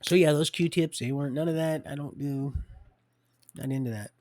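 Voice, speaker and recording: A man's voice: a little high, normal speed, a little mellow. A man livestreaming a rambling personal monologue with frequent restarts and religious asides.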